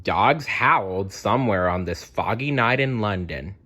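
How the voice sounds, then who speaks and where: Male reader for kids' picture book, lowish bright voice, slow and lively. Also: slight background noise. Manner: slow, playful storytelling. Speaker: read-aloud narrator. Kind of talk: children's picture book read-aloud.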